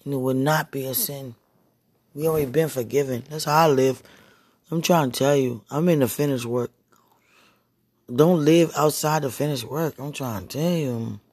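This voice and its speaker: A woman speaking an intimate spoken monologue, breathy and husky, often dropping into whispers and sighing exclamations. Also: extremely low pitch, moderate pace, a little mellow, no room sound, studio quality. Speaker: podcast speaker.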